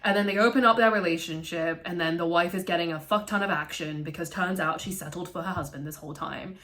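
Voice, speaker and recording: A woman giving casual film commentary, animated and profane, often laughing. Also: lowish voice, quick pace. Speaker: vlogger reviewing a film.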